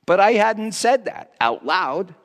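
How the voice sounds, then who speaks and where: A man's voice: sits high, sing-song, slow pace, long reverb tail, full character voice. A man playing Pontius Pilate as a conflicted Roman governor, speaking a stammering, confessional monologue in character. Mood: wistful. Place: church hall.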